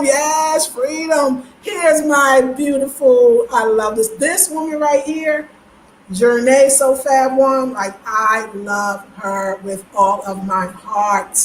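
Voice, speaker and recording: High-voiced effusive woman on a livestream. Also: unhurried, slight background noise. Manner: effusive, emotional, greets viewers by name; blunt, preachy about respect. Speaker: livestream host. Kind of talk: casual live-stream chat. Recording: roomy echo.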